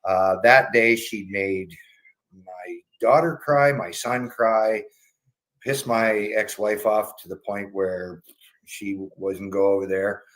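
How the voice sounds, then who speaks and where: Middle-aged guy telling a family story, casual, animated, swears a lot. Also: lowish voice, slow pace, low-quality recording. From Canada. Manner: animated, acts out quoted voices, swears casually. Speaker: guest telling a patient story.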